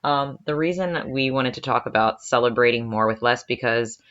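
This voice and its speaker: A woman co-hosting a podcast, chatty and upbeat and quick to laugh. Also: rumbling low, fairly bright tone, muffled recording. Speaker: podcast co-host. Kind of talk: casual chat.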